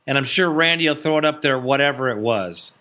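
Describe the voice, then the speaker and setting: A man's voice: mid-range voice, fairly quick, very noisy. A man hosting a radio show, answering a caller in a wry, joking way. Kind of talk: casual radio talk.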